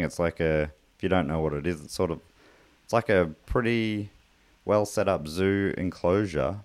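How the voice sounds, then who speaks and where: A man's voice: deep voice, a little mellow, no room sound. A man hosting a podcast, chatting casually in a loose, rambling way with plenty of fillers and restarts. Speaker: podcast host and comedian. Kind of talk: casual podcast chat, reading listener mail.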